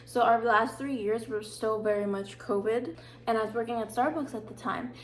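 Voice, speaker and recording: A woman's voice: a little high, normal speed. A woman in her twenties vlogging, telling personal stories in a chatty, dramatic way full of fillers. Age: 20s. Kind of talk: casual storytelling.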